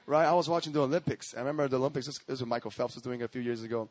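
A male pastor preaching a sermon, telling stories in a lively, slangy way and often laughing as he talks. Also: mid-range voice, racing, hardly any pauses, no echo. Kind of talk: sermon with storytelling.

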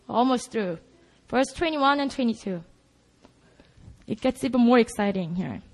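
High-voiced woman preacher. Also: measured pace, long pauses. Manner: animated storytelling, mixing in Korean words. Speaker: intern pastor. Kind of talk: sermon testimony.

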